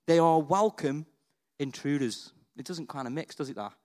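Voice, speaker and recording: A man preaching with a high, bright voice. He tells his story chattily, checking in with "right?" and "okay?". He swings from quiet confiding asides to excited, almost shouted peaks. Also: moderate pace. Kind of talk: sermon.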